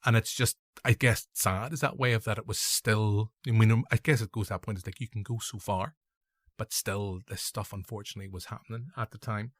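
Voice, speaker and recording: A Northern Irish man in his younger years chats through a film review, wandering between thoughts and correcting himself as he goes. His voice sits fairly low. It is recorded close and dry, with no room sound. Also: steady tone, fairly quick, a bit bright, dry recording. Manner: rambling, self-correcting, joking asides. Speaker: podcast host. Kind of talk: casual film review chat.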